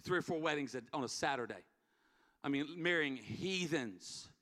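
A middle-aged pastor with a fairly high, sharp, expressive voice tells a story in an earnest sermon at a normal pace, repeating key words for emphasis. The recording carries a long hall reverb, with faint music in the background.

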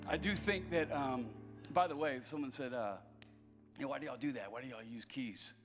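A man's voice: mid-range voice, normal speed, in a large hall, over music. A man preaching a conversational sermon as a pastor, mixing self-deprecating humor into his message.

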